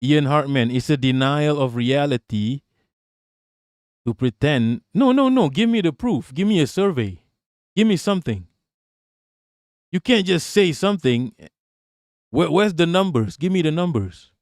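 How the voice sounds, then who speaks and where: A man's voice: on the high side, big pitch swings, normal speed, long pauses, no room sound, clean studio sound. A man hosting a livestream, ranting about politics in a profane, mocking way, repeating himself and laughing often. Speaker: livestream host. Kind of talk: casual political rant on a livestream.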